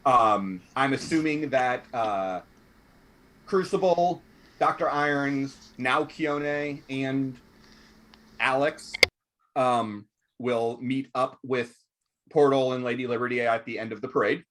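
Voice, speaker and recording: A man's voice: medium pitch, slow. A man hosting as game master, recapping and running a tabletop roleplaying game with frequent ums and uhs. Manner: relaxed, many ums and uhs.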